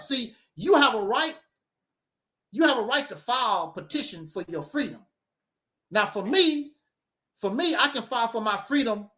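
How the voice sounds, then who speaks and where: A man's voice: extremely high pitch, pushed and bright. A man telling a personal story in casual conversation, rambling and repeating his phrases. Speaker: guest sharing his story.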